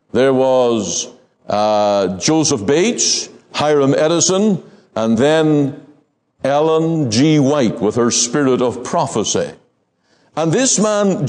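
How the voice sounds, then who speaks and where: A man preaching a sermon in a measured, emphatic way, slowing down to stress key words. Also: fairly high pitch, darkish tone.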